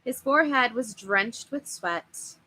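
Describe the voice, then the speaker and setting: Animated woman reading a spooky story. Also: on the high side, slow pace, husky, rough recording. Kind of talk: reading a children's horror book aloud.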